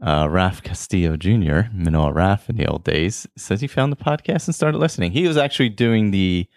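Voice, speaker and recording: A man hosting a casual podcast, reading out listener shout-outs in a relaxed, rambling way with many fillers. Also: deep voice, moderate pace, no room sound, clean studio sound. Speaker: podcast host.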